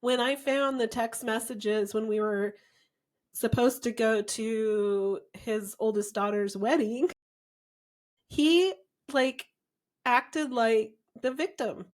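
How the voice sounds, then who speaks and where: Woman, high pitched, indignant, emphatic, podcast chat. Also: slow pace. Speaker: podcast co-host. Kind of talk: casual chat.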